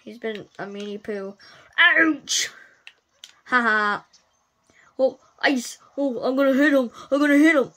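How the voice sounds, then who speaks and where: A woman's voice: on the high side, fairly even intonation, moderate pace, a bit bright. A woman giving casual, playful commentary while playing a video game, often crying out at what happens. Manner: playful, exclaims and cries out at the game.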